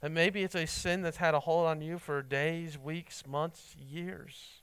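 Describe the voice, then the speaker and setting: A man's voice: on the high side, fairly even intonation, unhurried, hardly any pauses, fairly bright tone, clean tone, dry recording. A man preaching a sermon in an earnest, pleading way, then leading a prayer.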